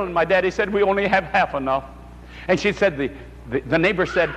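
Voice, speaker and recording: An older male preacher delivers a fervent sermon in a fairly high voice. He throws out rhetorical questions and climbs steeply in pitch when he stresses a point. The recording carries a long, hall-like reverb. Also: animated, brisk.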